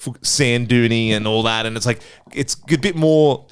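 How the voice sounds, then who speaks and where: A young man with an Australian accent tells a holiday story in casual podcast chat. He swears freely and talks in an animated, rambling way. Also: mid-range voice, normal speed, smooth. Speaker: podcast panelist.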